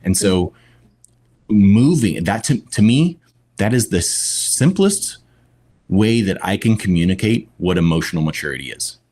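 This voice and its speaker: A man guest on a podcast, speaking in a reflective, deliberate way with long pauses. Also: sits low, lively intonation, a little mellow, husky. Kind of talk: conversational podcast talk.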